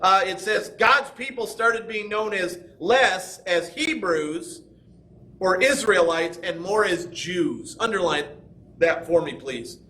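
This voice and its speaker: A man teaching a Bible lesson to a class, pitched high with a bright, forceful edge. He is animated and slips into little quoted voices as he explains. The setting is a church school classroom. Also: slow pace.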